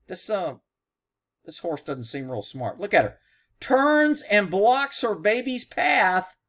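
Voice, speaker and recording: A man's voice: high-pitched, sing-song, slow, fairly bright tone. A man, a horse trainer, giving blunt, sarcastic reaction commentary over a video.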